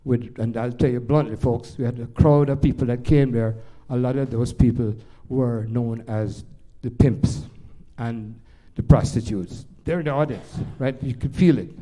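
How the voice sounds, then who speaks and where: A man's voice: mid-range voice, normal speed, hardly any pauses. An older man with a Jamaican accent, a jazz pianist telling rambling stories to a live audience, full of restarts. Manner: rambling, animated anecdotes with many restarts. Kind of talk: stage storytelling to a live audience.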